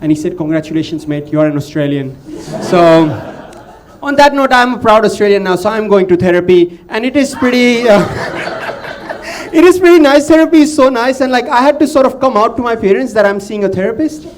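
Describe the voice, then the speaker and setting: An animated man from India performs a chatty stand-up set at a slightly fast clip, teasing the crowd. He drops his voice low to imitate his father. There's slight background noise.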